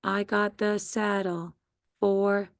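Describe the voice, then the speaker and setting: A woman teaching a children's phonics lesson at a very slow, deliberate pace, stretching out each letter and syllable. Her voice is smooth and clear with a touch of gravel, recorded dry and close. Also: mid-range voice, level tone, dry recording.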